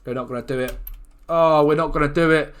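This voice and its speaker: Excitable gamer, slightly high voice, live match commentary with shouts and groans. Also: male voice, fast, smooth. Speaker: gaming YouTuber. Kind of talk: football management game commentary.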